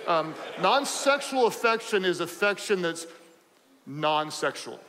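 A man preaching a sermon as pastor, animated and joking, repeating phrases for emphasis. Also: high-pitched, unhurried, in a large hall, a little hiss or hum, low-quality recording.

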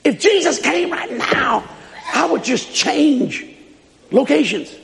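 A man preaching with fiery emphasis, shouting points and repeating them for the congregation. His voice sits high and gravelly, rising and falling across a wide range. A long reverb trails each line, with a faint crowd behind him. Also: animated, slow. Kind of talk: sermon.

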